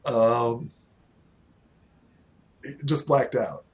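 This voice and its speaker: A man narrating a tabletop game as game master, laughing often and filling pauses with "like" and "uh". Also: mid-range voice. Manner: laughing often, many fillers.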